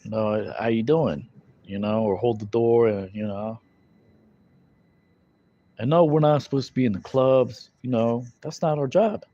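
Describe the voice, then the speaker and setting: A man's voice: medium pitch, fairly even intonation, measured pace, long pauses, dark tone. A man teaching scripture in a loose, conversational way, full of fillers and tag questions. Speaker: Bible teacher. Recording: dull lo-fi recording.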